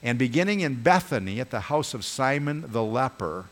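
A pastor preaches a sermon in a very animated male voice at a moderate pace. He is earnest, letting his pitch and volume rise and fall for emphasis, and he speaks directly to his congregation, inviting them to join in.

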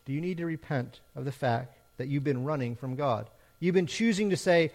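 A man's voice: on the high side, a little fast, few pauses, a little mellow. A man preaching a sermon as pastor, emphatic, with rising and falling repeated questions.

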